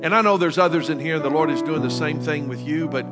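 A man, the pastor, addressing his congregation in a halting way, repeating words as he goes. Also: fairly high pitch. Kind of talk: sermon. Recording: church service with music behind. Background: loud guitar and piano music.

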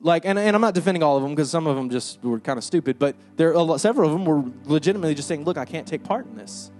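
High-voiced man preaching emphatically. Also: rapid-fire, darkish tone, faint music behind. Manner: emphatic, conversational preaching with rhetorical questions. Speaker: pastor. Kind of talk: sermon. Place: church.

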